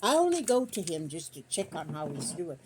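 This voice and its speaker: An older woman talks on her quilting vlog, rambling and folksy with loose country grammar. Her voice sits a bit low. The recording is made on a phone on a stand, with a faint hiss of background noise. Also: very animated, a little fast, darkish tone. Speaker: quilting vlogger. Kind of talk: casual chat while sewing.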